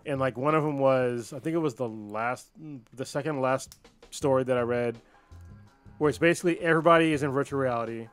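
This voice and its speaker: A man's voice: medium pitch, brisk, clear, resonant tone, soft background music. A man co-hosting a podcast, telling a story with lots of swearing and acting out the characters' lines. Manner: profane, animated storyteller who acts out the characters' lines. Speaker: podcast co-host. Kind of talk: casual chat, retelling a story.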